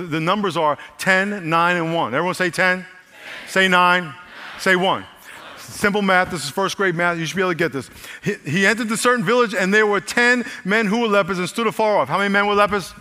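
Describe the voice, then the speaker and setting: A man preaching as a pastor, energetic, repeating lines and calling out to his congregation. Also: sits high, long reverb tail. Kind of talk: sermon. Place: large church hall.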